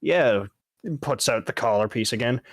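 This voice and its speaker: A man's voice: mid-range voice, expressive, moderate pace, no room sound, clean studio sound. A man in a tabletop game talking in character, casual and curious, asking questions. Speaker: player. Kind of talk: in-character tabletop role-play.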